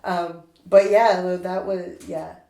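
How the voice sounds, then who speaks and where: A woman with a fairly low voice hosts a podcast in relaxed, casual chat. She laughs often and trails off with fillers. Her voice carries a noticeable room echo. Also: slow pace, vocal fry. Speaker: podcast host. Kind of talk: casual conversation. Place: indoor room, recorded locally. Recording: roomy echo.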